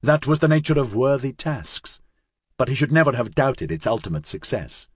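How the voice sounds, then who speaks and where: Husky man narrating an audiobook dramatically. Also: mid-range voice, big pitch swings, no room sound, studio quality. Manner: measured, dramatic.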